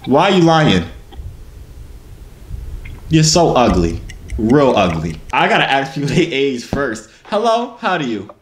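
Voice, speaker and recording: A man's voice: medium pitch, sing-song, measured pace, long pauses, reverberant, slight background noise. A young man hosting a video, bantering and teasing strangers in slangy casual chat. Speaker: video host.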